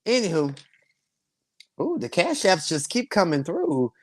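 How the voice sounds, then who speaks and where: A man hosting a live stream, reviewing a reality show in sassy slang. He talks casually to his viewers and laughs often. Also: unhurried. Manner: sassy, slangy and animated, swinging between loud bursts and low asides; laughs often while talking.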